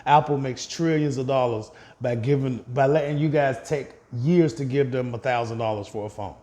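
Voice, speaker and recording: Man, casual vlog voice, chatty, talks straight to viewers, medium pitch. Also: moderate pace, mellow. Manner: chatty, addresses viewers directly, laughs at own slips. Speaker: investing vlogger. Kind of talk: casual portfolio update.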